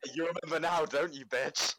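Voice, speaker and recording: A young man co-hosting a casual podcast chat, swearing freely and telling lively stories. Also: fairly high pitch, a little fast, poor audio. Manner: swears freely, animated storytelling. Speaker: podcast co-host.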